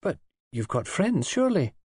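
Kindly young nurse, calm and indulgent, raised light voice, as a man reads her. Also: sits high, normal speed, husky, no room sound, studio quality, pitched above the performer's own voice, full character voice. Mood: earnest. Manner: calm, soothing, gently reproving. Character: young red-haired female nurse, kindly, placid, indulgent.

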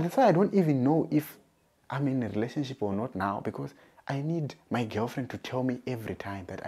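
A man doing stand-up comedy, telling deadpan stories that build to punchlines. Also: medium pitch, normal speed, husky. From Zimbabwe.

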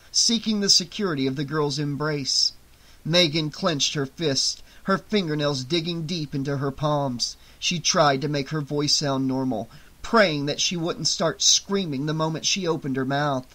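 Bright-voiced male horror audiobook narrator. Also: on the high side. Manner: dramatic, tense storytelling.

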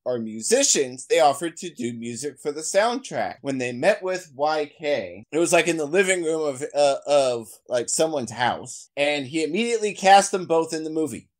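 Lively podcast co-host sharing movie trivia. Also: mid-range voice, normal speed, hardly any pauses. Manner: chatty, shares trivia, laughs. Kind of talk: casual movie chat.

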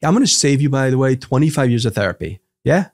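A psychotherapist appears as a guest on a podcast, his medium-pitched, darkish voice swinging widely in pitch as he talks quickly. He explains ideas through everyday examples and rhetorical questions.

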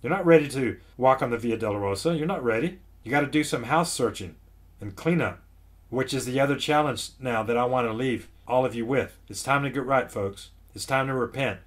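A man hosting his own online ministry, speaking at a middle pitch. He preaches with urgency and insistence, repeating his points and addressing listeners as folks. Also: brisk. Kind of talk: preaching to camera.

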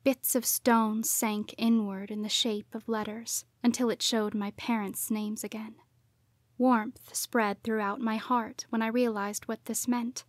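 A woman narrating a first-person audiobook in a hushed voice that often drops to a whisper. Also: a little high, little pitch movement, unhurried, no echo, studio quality.

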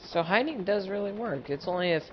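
A man's voice: high-pitched, animated, fairly quick, dull audio. Male gamer, playful running commentary, heavy game noise behind. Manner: joking, talks to game characters. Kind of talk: casual gameplay commentary.

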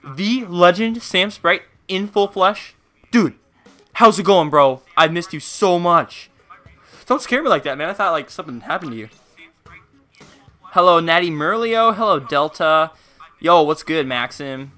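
A man's voice: high-pitched, a little slow, sharp tone, soft background music. A young man streaming a game, chatting casually and playfully, greeting viewers by name. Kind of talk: casual live-stream chat while gaming.

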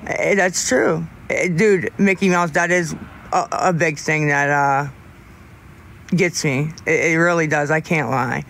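A young man on a casual livestream, answering chat in a rambling, halting way with many restarts, candid about staying sober. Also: fairly high pitch, fairly even intonation, gravelly, a bit bright, a little hiss or hum.

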